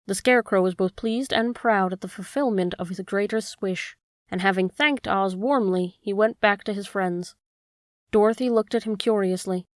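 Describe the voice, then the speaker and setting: A woman narrating a classic children's book in a steady, measured way. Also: mid-range voice, no echo, clean studio sound. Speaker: audiobook reader. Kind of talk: storybook narration.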